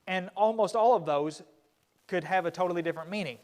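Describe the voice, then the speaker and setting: A man teaching a Bible study at church, with a voice that sits somewhat high. He talks casually and breaks off to restart his sentences. When he quotes people, he acts them out with more lift. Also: fast. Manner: conversational, with frequent restarts and fillers; acts out quoted speakers in a livelier voice. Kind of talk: Bible class lesson. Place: church classroom.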